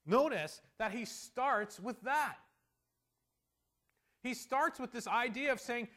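A high-voiced male pastor preaches an animated expository sermon, speaking earnestly and slowing down to drive home the verses he quotes. He shifts from quiet asides up to loud emphasis.

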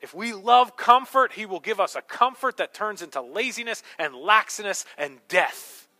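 A man preaching a sermon as pastor, swinging between hushed, slow words and loud, emphatic ones. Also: sits high, expressive, faint music behind.

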